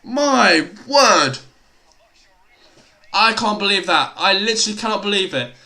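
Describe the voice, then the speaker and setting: A young man giving excitable live play-by-play tennis commentary on a stream, exclaiming at big points and chatting casually between them. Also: sits high, fast talker.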